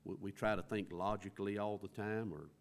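A man's voice: fairly low pitch, fairly even intonation, fairly quick, slight background noise. A middle-aged man preaching a conversational sermon in a folksy, storytelling way, acting out quoted lines from scripture.

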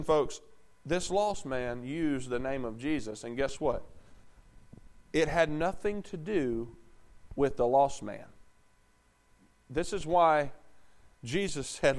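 A man preaching a sermon, asking the congregation questions and swinging between loud bursts and low, intense talk. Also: lively intonation, measured pace, long pauses. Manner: emphatic, call-and-response questions to the congregation.

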